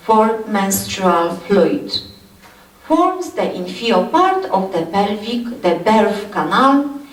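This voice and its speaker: Halting woman lecturing in an echoey hall. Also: medium pitch, recorded from a distance. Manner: halting, many fillers and repeated "yes". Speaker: anatomy lecturer. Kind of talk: university lecture.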